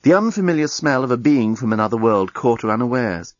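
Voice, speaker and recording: A man narrating a comic science-fiction story as an audiobook reader, in a dry, even storytelling manner. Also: mid-range voice, brisk, no room sound. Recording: dull lo-fi recording.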